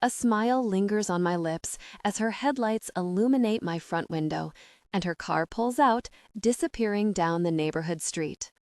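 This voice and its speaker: A woman's voice: mid-range voice, moderate pace, dry recording, clean studio sound. A woman reading a first-person romance audiobook with an intimate, emotional storytelling manner. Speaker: audiobook narrator.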